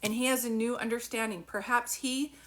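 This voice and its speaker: A woman's voice: fairly high pitch, fairly even intonation, fairly quick. A middle-aged woman giving a live-stream psychic reading, talking in a chatty, encouraging way with many fillers and restarts. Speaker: psychic medium.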